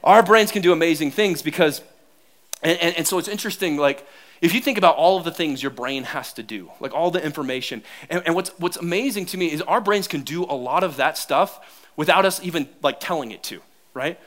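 A middle-aged man preaching a sermon to his church, telling funny stories about his marriage in an animated, self-mocking way and laughing often. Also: on the high side, a little fast. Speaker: pastor. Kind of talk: sermon with humorous personal stories.

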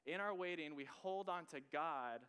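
A man's voice: a little high, moderate pace, bright, forceful tone, smooth. A young man preaching a sermon as a pastor, earnest and conversational, often repeating his key phrases for emphasis.

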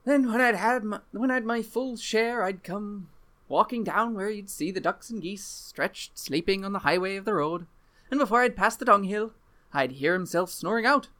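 A young Irish country lad tells his tale in a high, rolling brogue, as a man puts on the accent. His reading is dramatic and theatrical, with every phrase drawn out. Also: normal speed, sharp tone. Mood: boastful. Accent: put-on Irish. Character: young rural Irish man boasting of his brutal father.

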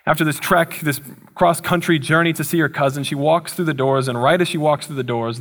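A young male pastor preaching to his congregation. He talks casually and conversationally, breaking into playful asides. His voice sits slightly high for a man. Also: a bit bright. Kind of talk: sermon.

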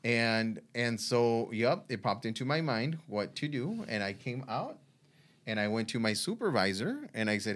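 Halting man telling a story. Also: medium pitch, very animated, a bit bright. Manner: halting, with frequent restarts and fillers. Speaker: guest sharing a faith testimony. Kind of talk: conversational storytelling.

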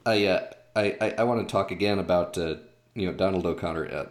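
A podcast co-host with a low-pitched voice talks fairly quickly on a casual film show. He's hesitant, often restarting sentences and leaning on fillers.

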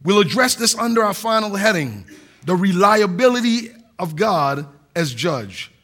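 A pastor delivers a sermon in a notably high voice for a man. He preaches earnestly, pressing hard on key words and now and then restarting a phrase. He sounds middle-aged. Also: sing-song, a little slow, a bit bright. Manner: earnest preaching with emphatic stresses and some restarts.

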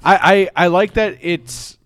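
A young man co-hosting a podcast, chatting about movies in a rambling, halting way full of restarts. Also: high voice, a bit bright, no room sound, clean studio sound. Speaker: podcast co-host. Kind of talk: casual movie chat.

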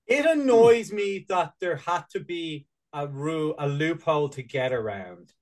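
A man's voice: a little high, animated, measured pace, darkish tone, rough recording. Rambling, laughing man. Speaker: podcast co-host. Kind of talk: casual chat.

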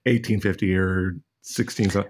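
A man's voice: deep voice, fairly even intonation, moderate pace, a little mellow. A man co-hosting a trivia game, chatting casually, laughing often and telling a rambling story. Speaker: trivia show co-host.

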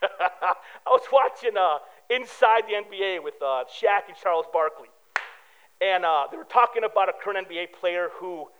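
A man's voice: high voice, a bit bright, lo-fi sound. A man preaching a sermon with emphatic rhetorical questions and joking asides. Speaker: pastor.

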